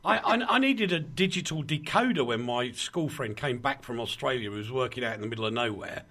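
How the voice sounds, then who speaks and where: A man's voice: medium pitch, lively intonation, fairly quick, pushed and bright. A man hosting a casual radio chat, jokey and a little rambling. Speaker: host.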